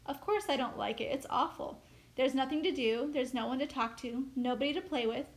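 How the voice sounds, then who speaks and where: Lady reading aloud as a sulky 9 yr old boy, complaining, highish voice. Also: fairly quick. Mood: indignant. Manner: indignant, complaining. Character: bored, sulky nine-year-old boy.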